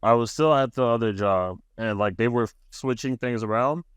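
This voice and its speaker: A man's voice: medium pitch, normal speed, smooth, dry recording. Easygoing man rambling through a story. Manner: laughs easily, loose rambling storytelling. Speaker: podcast co-host. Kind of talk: casual storytelling chat.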